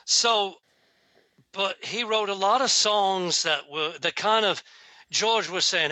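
A man's voice: high voice, takes it slowly, sharp tone, dry recording, low-quality recording. A man in a time-traveling famous-musician persona, chatting casually on a podcast with rambling, laughing anecdotes.

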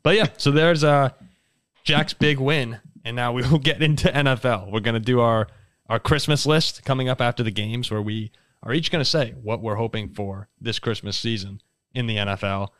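A man hosts a casual sports podcast and tells stories in an animated way, breaking into laughter often. His voice sits at an ordinary middle pitch. The sound is dry and close, with no room echo. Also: normal speed. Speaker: podcast host.

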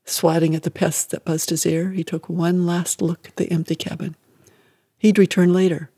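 Man, audiobook narration, fairly high voice, measured dramatic reading, dry close sound. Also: level tone, warm tone, husky, dry recording.

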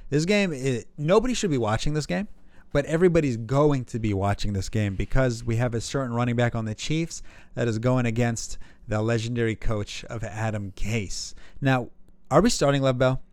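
A man in casual fantasy football chat, animated and jokey, often restarting his sentences. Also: medium pitch, normal speed, no room sound. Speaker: podcast co-host.

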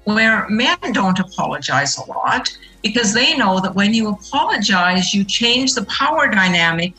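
A woman's voice: mid-range voice, animated, moderate pace, pushed and bright, faint music behind, poor audio. A middle-aged woman answering interview questions in an earnest, explanatory way, leaning on her key points. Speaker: guest.

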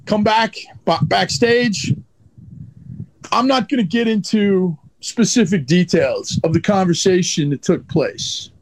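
A man's voice: sits high, takes it slowly. A man telling a blunt, profane story in an interview about his time as a wrestling manager.

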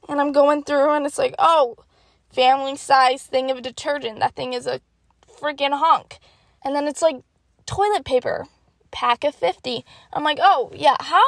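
18 yr old girl storytelling, super animated and dramatic, high voice, dry sound. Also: vocal fry, dry recording. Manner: animated, dramatic, acts out her own thoughts in hushed asides. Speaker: vlogger. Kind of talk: casual storytelling.

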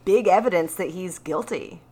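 A woman with a low voice talks through a TV episode in a loose, casual podcast chat. She stays animated and laughs often between quick asides. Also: breathy edge. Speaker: podcast co-host.

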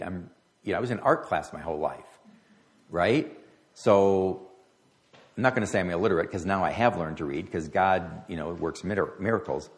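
A man's voice: deep voice, normal speed. A middle-aged man preaching a sermon as pastor, talking conversationally and stumbling over words at times. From United States.

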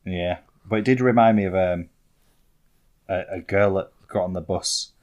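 A man's voice: low-pitched, moderate pace, darkish tone. A young man, telling rambling, self-mocking stories as a podcast co-host. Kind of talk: casual storytelling chat.

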